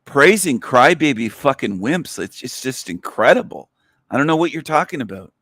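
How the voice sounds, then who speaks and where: A man's voice: medium pitch, big pitch swings, moderate pace, a bit bright, dry recording. Profane, irritated male livestream host. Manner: irritated, profane, scolding the viewers. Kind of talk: angry livestream rant.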